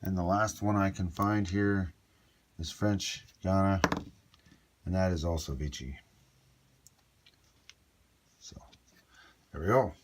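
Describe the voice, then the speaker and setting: Low-voiced man talking through a board game. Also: fairly even intonation, slow, pauses often, a little hiss or hum. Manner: thinking aloud, chatty asides to himself. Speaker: board game player explaining a solo playthrough. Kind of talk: casual tabletop game walkthrough.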